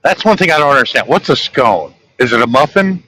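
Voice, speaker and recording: A man with a Southern American accent chatting casually and telling folksy, relaxed stories. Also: mid-range voice, fairly quick, dry recording, low-quality recording. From southern United States. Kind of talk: casual chat.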